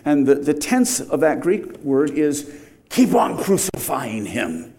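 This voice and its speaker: A man's voice: fairly high pitch, very animated, slow pace, a little mellow. A middle-aged man preaching a verse-by-verse sermon, explaining the text and rising to emphatic outbursts on key points.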